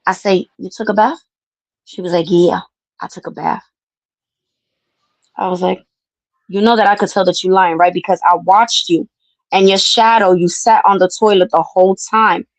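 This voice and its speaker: A woman's voice: mid-range voice, fairly even intonation, moderate pace, no room sound, low-quality recording. Brash, profane woman telling a story. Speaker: podcast host. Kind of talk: casual storytelling chat.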